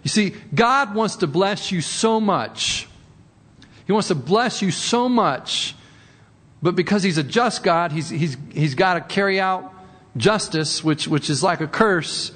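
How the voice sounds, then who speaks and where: A man's voice: sits high, animated, measured pace, fairly bright tone, big-room sound. A man preaching a sermon in a conversational way, often repeating words and rising for emphasis. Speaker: pastor.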